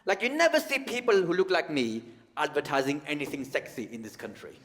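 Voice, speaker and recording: A man doing a stand-up comedy set, his pitch swinging about as he teases the crowd. He sounds a touch high for a man, and a long theatre reverb trails his words. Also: lively intonation, fairly quick, fairly bright tone, slight background noise. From United Kingdom. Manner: conversational, teasing, addresses the audience. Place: large theatre stage.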